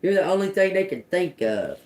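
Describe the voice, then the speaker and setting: A tarot reader streams live, speaking a little fast in a lowish, darkish voice with big pitch swings over a little hiss or hum. She mulls over single words by sounding them out, then launches into profane, chatty asides and laughs.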